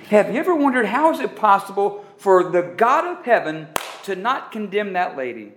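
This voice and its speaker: A preacher with dramatic pauses in an echoey room. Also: male voice, high voice, big pitch swings, a little hiss or hum. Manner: dramatic pauses, stretching key words for emphasis. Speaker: pastor. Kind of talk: sermon.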